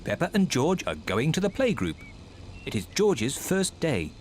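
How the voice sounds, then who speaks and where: A man giving scripted narration for a children's cartoon in a clear storytelling delivery. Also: fairly high pitch, wildly swooping pitch, unhurried, slight background noise.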